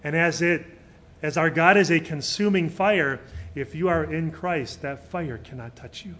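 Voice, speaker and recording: A middle-aged male pastor preaching a sermon, swinging between loud emphatic peaks and quiet, soft passages. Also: on the high side, a little slow.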